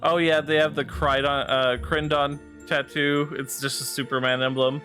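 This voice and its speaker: A man's voice: fairly high pitch, level tone, normal speed, sharp tone, faint music behind. A man streaming a video game, talking casually and explaining its mechanics with frequent fillers. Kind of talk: casual gameplay commentary.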